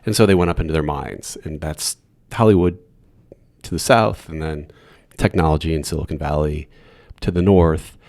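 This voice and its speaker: Podcast host, man, middle-aged, very deep voice, chatty and relaxed, dry close recording. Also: moderate pace, gravelly, no room sound. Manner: casual, musing and chatty. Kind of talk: conversational interview.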